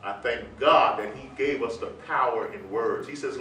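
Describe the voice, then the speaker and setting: A man telling a personal story in a sermon, quoting scripture and building to loud proclamations. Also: mid-range voice, normal speed, slight background noise. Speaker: preacher. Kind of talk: sermon testimony. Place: church sanctuary. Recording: roomy sound from far off with music.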